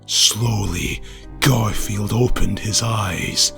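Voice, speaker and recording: Slow dramatic man reading a scary story. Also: lowish voice, vocal fry, music in the background. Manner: dramatic, builds tension, rising to near-shouting at scary moments.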